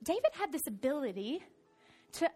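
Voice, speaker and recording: High-voiced woman pastor preaching. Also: moderate pace, faint music behind. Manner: animated storytelling, swings from soft to loud. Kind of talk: sermon.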